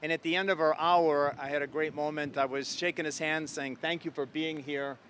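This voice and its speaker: A man's voice: on the high side, fairly even intonation, moderate pace, fairly bright tone, clean tone. A man in his sixties from Ohio, an astronaut guest telling an anecdote with enthusiasm. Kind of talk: interview storytelling.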